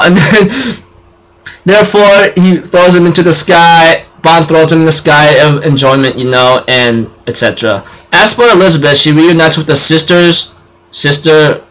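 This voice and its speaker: Young male recapper, casual and rambling, slightly high voice. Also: fairly bright tone, rough recording. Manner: rambling, with fillers and self-corrections. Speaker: anime recap vlogger.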